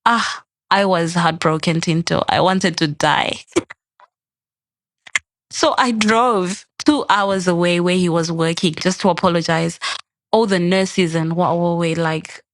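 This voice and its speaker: A woman's voice: fairly low pitch, slow, slight background noise. A young adult woman, a podcast guest, telling a personal story in casual chat and acting out the quoted lines. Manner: animated, acts out quoted dialogue.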